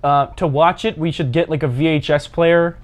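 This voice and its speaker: A young man co-hosting a podcast, chatting in an animated, jokey and crude way. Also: a little high, moderate pace. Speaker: podcast co-host. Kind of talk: casual chat.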